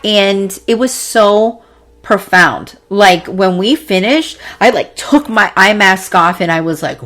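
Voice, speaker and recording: A young adult woman hosting a podcast, telling a personal story in a casual, animated way, swearing freely and acting out sounds. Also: medium pitch, slow pace. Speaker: podcast host. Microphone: podcast mic, seated in a squeaky chair.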